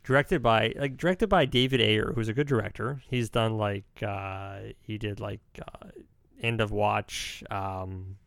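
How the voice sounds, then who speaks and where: A man's voice: lowish voice, a little slow, creaky, fairly bright tone, dry recording. A young man chatting casually as a podcast co-host, rambling and opinionated, often correcting himself mid-sentence. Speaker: podcast co-host reviewing films. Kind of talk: casual chat.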